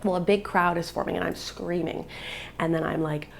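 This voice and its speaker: A woman's voice: on the low side, fairly even intonation, moderate pace, vocal fry, slight background noise. A mother vlogging live, telling an upsetting story in an agitated, emotional way and filling it with "like.". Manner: agitated, upset retelling with many "like" fillers.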